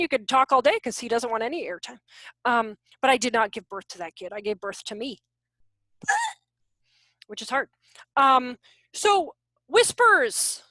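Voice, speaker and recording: A woman in her thirties presenting an online workshop on raising children. She talks in an animated way and keeps asking her audience rhetorical questions. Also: high voice, no room sound. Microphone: video call.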